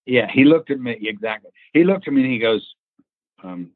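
A man, an actor, telling a casual anecdote in an animated way, acting out quotes, laughing and swearing freely. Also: mid-range voice, brisk, no echo. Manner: animated storyteller who acts out quotes and laughs. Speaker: actor recounting a film casting. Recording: tinny phone-like line.

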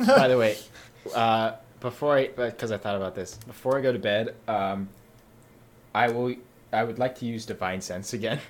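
A man as a player in a tabletop game, describing his character's actions in a halting way. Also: on the low side. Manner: halting, stumbles and restarts. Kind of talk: casual tabletop game talk.

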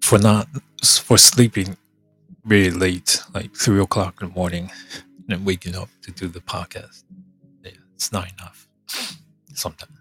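A podcast host, a man with a congested, hoarse voice, rambling in casual chat, halting and trailing off as he thinks aloud. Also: low-pitched, little pitch movement, a bit bright, soft background music.

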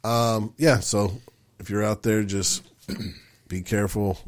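A man's voice: on the low side, fairly even intonation, slow. A man co-hosting a casual podcast, talking in a loose, rambling way with lots of fillers. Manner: rambling, with many fillers and restarts. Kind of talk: casual chat.

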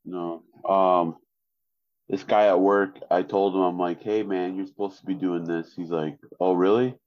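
A very low-pitched man chats casually on a podcast and keeps his tone flat and deadpan, with plenty of ums and uhs. The recording is dry and a little dull, as if from a modest close mic. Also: measured pace, no echo. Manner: flat deadpan delivery, many fillers. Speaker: podcast co-host. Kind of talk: casual chat.

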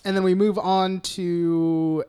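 A male podcast co-host speaks slowly in a high, level, mellow voice with a clean tone. Casual and profane, he recaps a film in a rambling way, stuffing every pause with "like" and "uh."

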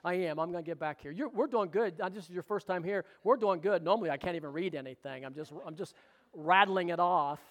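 A middle-aged pastor with a drawl preaches in a fairly high voice. He calls out for amens and teases people in the pews between points. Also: fast, fairly bright tone. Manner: exclamatory, calls for amens and jokes with the congregation. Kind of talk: sermon.

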